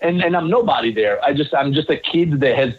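A man, a guest telling a story in an interview. He talks in an animated way, swears and often restarts his sentences. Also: fairly high pitch, fairly quick, breathy edge, narrow, tinny audio. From Italy.

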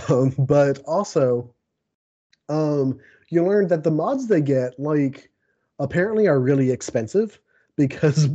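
A man talks casually on a podcast, rambling through his points and laughing under his breath. His voice is mellow and soft-edged, at an ordinary pitch. The recording sounds a little dull and lo-fi. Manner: rambling, chuckles often. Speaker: podcast co-host. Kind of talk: casual chat about a TV show.

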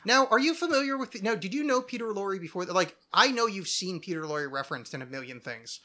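A man's voice: high-pitched, expressive, fairly quick, bright, forceful tone. A man hosting a podcast, chatting loosely and jokily, rambling through an ad read. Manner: jokey, rambling, reads ad reads loosely. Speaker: podcast host. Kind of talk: casual chat.

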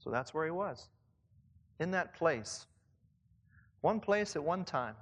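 A man's voice: on the high side, lively intonation, slow, fairly bright tone, husky. A man leading church leaders in a conversational sermon, reflective and asking his listeners questions. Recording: long reverb, as in a hall.

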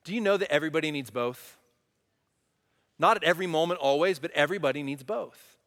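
Higher-voiced male pastor, conversational preacher who swings between loud emphasis and quiet; reverberant church hall. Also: fairly quick. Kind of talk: sermon.

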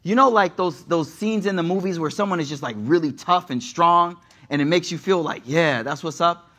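A young man giving a casual sermon, an animated, digressive storyteller who talks straight to the audience. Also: high voice, brisk. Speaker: preacher.

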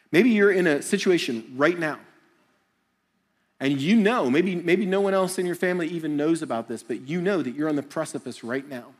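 A middle-aged man preaching a sermon, telling jokey stories and acting out quick voices. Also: on the high side. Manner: animated, jokey storytelling with acted-out voices. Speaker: pastor.

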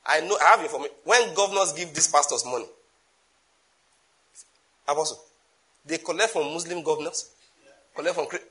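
A Nigerian-accented man preaches a sermon in a somewhat high, bright, forceful voice. He pushes his points with sudden loud rising bursts. He slips into Pidgin asides. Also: fairly quick, pauses often.

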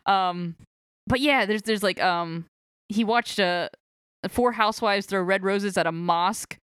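A woman's voice: mid-range voice, unhurried, a bit bright, clear, resonant tone, dry recording, clean studio sound. A woman co-hosting a podcast, chatting casually and retelling a comic book story in a rambling, giggly way with many fillers and restarts. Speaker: podcast co-host.

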